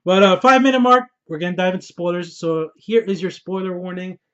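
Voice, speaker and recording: A young man talks through a TV episode in a loose, excited monologue, swearing freely and laughing as he goes. His voice sits high for a man. The audio sounds a little dull and lo-fi. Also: a little fast, smooth. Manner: animated, profane, laughing, slangy. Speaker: TV show reviewer. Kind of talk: excited casual review monologue.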